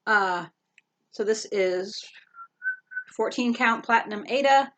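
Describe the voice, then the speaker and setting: A woman's voice: on the high side, slow pace. Easygoing woman rambling show-and-tell. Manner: easygoing, rambling, many fillers. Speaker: co-host. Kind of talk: casual show-and-tell chat.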